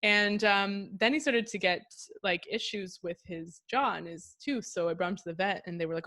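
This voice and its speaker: A woman guest chatting casually and telling lively anecdotes, acting out her dog's thoughts. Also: medium pitch, normal speed, hardly any pauses. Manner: lively storyteller who mimics her dog.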